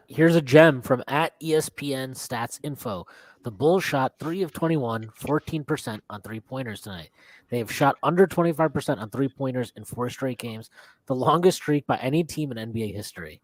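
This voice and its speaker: A man co-hosting a casual sports podcast, animated as he reads box scores and mocks players in quick impressions. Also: medium pitch, no echo. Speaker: podcast co-host.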